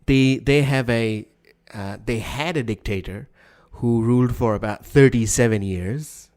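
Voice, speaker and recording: A man chatting casually as a podcast co-host, his voice sitting at an ordinary middle pitch. He rambles, stumbles and restarts his sentences often, laughing along as he goes. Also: measured pace, darkish tone. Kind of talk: casual chat.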